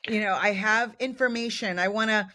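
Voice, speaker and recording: A woman's voice: mid-range voice, normal speed, sharp tone. A woman co-hosting a podcast in casual chat, talking with enthusiasm and emphatic agreement. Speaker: podcast co-host.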